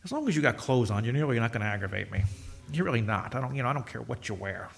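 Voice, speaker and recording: A man's voice: medium pitch, expressive, racing, creaky, soft background music. A middle-aged male pastor preaching a sermon in a conversational, joking storytelling way, acting out quoted voices.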